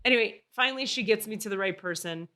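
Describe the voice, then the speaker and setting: A woman hosting a podcast, telling a story in casual chat, animated and swearing freely. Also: medium pitch, fast. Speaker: podcast host.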